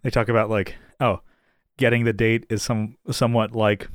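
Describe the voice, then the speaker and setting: Recorded in clean studio sound with no room echo, this podcast co-host speaks at a normal speed in a voice on the low side. He's an animated storyteller in a casual chat, voicing the quotes loudly as he retells stories.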